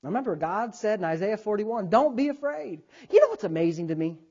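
Talking fast and pitched high, a thirtysomething man delivers a lively sermon from the pulpit. He acts out God's voice and calls for the congregation to respond, and the recording has a dull, lo-fi quality.

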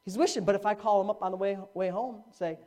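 A middle-aged male pastor preaching a sermon, with dramatic swings from hushed to loud. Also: quick pace, faint music behind. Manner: animated preaching with dramatic swings in pitch and volume. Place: church, live-streamed.

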